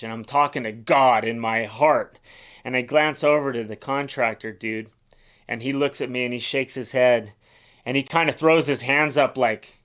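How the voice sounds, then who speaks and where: A man in a mid-range voice recounts a personal story in a halting, emotional way. He stumbles, restarts and leans on "like" and "you know", and his voice often sinks to a softer level as he talks. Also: medium pitch. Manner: halting, repeats words, many "like" fillers; earnest, emotional, often drops quieter.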